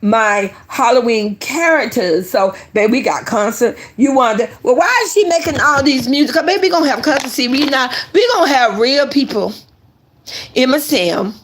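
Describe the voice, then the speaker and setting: Woman vlogger, high bright voice, animated and emphatic, talks straight to her viewers. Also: normal speed. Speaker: online content creator. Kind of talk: casual commentary to viewers.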